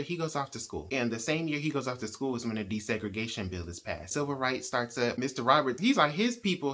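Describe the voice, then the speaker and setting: A man hosting a reading channel, casually retelling a novel's plot in a chatty, animated way and acting out the characters' lines. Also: medium pitch. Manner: animated storyteller who acts out quoted characters; conversational, with frequent "like" and "right?".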